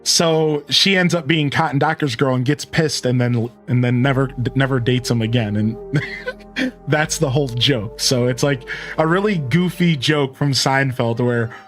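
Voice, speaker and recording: A man's voice: mid-range voice, a little slow, soft background music. A young man streaming a game, chatting casually and retelling a story with lots of fillers. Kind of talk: casual chat while playing.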